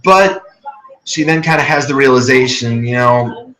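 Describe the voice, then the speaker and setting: A man's voice: mid-range voice, a little slow, fairly bright tone, reverberant, poor audio. A man hosting a casual episode review, talking enthusiastically and rambling with frequent restarts. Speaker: podcast host.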